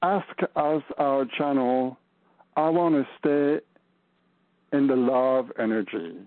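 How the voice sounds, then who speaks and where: A man channeling a loving male ascended-master spirit, speaking slowly and emphatically with a put-on French accent over a tinny call line. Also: mid-range voice, no room sound, close to an everyday voice. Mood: urging. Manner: earnest, urging, slow and emphatic. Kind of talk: channeling session.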